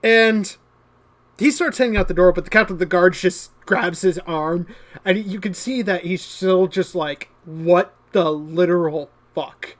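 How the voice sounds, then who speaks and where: A man's voice: high-pitched, moderate pace, a bit bright. A man narrating as game master of a tabletop game, with a hesitant delivery full of fillers.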